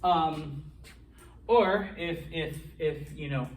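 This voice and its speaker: A man teaching a classroom Spanish lesson, animated and constantly checking in with his students. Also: on the high side, very slow. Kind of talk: classroom lecture. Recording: echoey classroom from far off.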